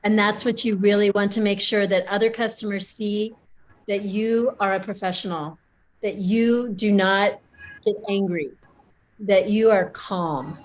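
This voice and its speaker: Slow, measured woman coach. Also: medium pitch, low-quality recording. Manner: calm, measured, repeats key points. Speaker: customer service coach. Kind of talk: coaching advice.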